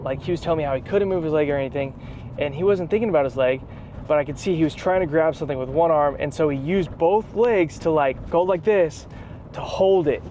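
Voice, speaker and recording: Man, slightly high voice, casual vlog story, lots of bro and dude, faint traffic behind. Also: brisk. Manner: casual slang, calls listener bro and dude; excited, animated retelling. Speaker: vlogger, athlete.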